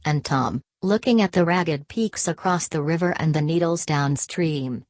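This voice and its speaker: Woman narrator, low voice, steady measured reading, dry close sound, audiobook. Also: dry recording.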